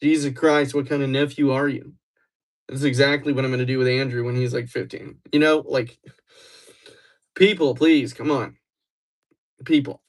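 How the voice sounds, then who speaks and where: Playful man chatting on a livestream. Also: mid-range voice. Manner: playful, teasing, quick to get excited. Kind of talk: casual livestream chat with viewers.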